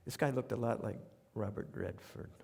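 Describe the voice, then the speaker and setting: On a theater stage before a live audience, an older New York man who works as a radio commentator performs his essays as a humorous storytelling monologue. His fairly low voice has vocal fry and a slight roughness, moving at a moderate pace, wry and conversational with animated asides, captured with long reverb.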